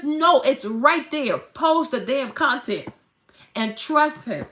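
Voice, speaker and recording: A woman vlogger giving a casual, animated, faith-based motivational talk, acting out dramatic quotes and swearing casually. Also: sits high, slow pace, echoey room.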